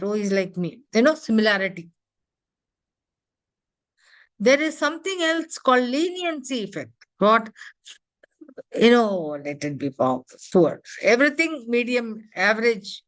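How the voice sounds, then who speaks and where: A woman's voice: on the high side, lively intonation. Woman trainer. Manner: quizzes the class with quick questions, leans on "you know" and "huh?". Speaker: corporate trainer. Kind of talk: interactive classroom lecture.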